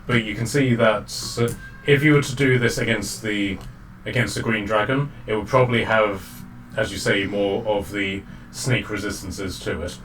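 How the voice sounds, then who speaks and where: A man's voice: fairly low pitch, steady tone, normal speed, fairly bright tone, soft background music. A man narrating as dungeon master, chatty and loose, with many fillers and laughs. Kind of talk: narrating a tabletop game. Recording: distant mic with faint background noise.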